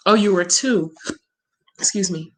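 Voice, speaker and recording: A woman's voice: medium pitch, measured pace, slight background noise. Woman doing a live q&a, chatty, swears a lot, gets emotional, blunt and open. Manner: candid, profane, emotional and chatty. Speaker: spiritual reader and livestream host. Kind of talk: casual livestream Q&A.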